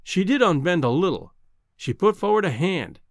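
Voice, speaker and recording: Expressive male audiobook narrator. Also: sits high, no echo, studio quality. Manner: measured, old-fashioned literary reading. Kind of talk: scripted narration.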